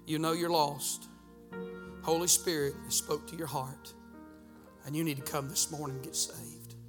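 A middle-aged pastor preaches a revival sermon in a church sanctuary. His slightly high voice swings between loud, fervent rhythmic urging and sudden hushed drops. Faint music plays underneath. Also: steady tone, normal speed. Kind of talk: revival sermon with altar call.

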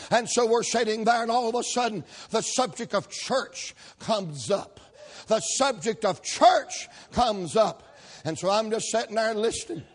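A man, a preacher telling a folksy story in a sermon, with sudden shouted peaks. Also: high-pitched.

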